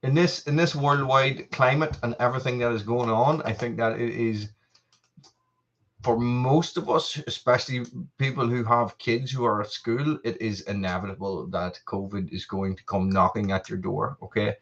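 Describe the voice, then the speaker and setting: A middle-aged Irish man hosts a casual live stream from his family home, speaking at a moderate pace in a medium-pitched, slightly bright voice with fairly even intonation. He rambles, interrupts himself, greets viewers and sounds a bit out of breath. The audio is dull and muffled.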